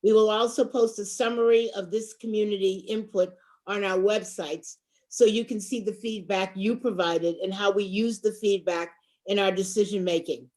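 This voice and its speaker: A woman with a Boston accent and a mid-pitched voice. She reads prepared closing remarks at an online meeting at an even, measured pace, like a public official. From Boston, USA. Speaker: school committee member co-facilitating.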